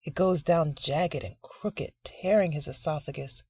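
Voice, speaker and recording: Dry, measured dark-story narrator. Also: medium pitch, husky, no echo. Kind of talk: dark literary short story reading.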